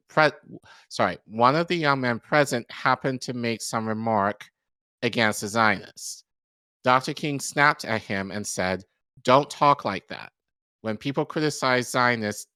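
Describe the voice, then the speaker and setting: A man co-hosting a podcast who reads an article aloud, with steady delivery and occasional stumbles and self-corrections. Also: fairly low pitch, dry recording. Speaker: podcast co-host.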